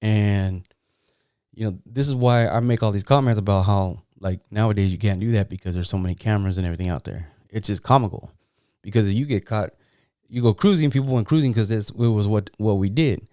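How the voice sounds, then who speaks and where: A middle-aged man from San Jose with a low, warm voice tells loose, profane stories about the old days. His tone is smooth and clean, and the sound is close and dry with no room around it. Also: fairly quick, no room sound. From San Jose, California. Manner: rambling, profane, streetwise. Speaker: podcast host. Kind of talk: casual storytelling.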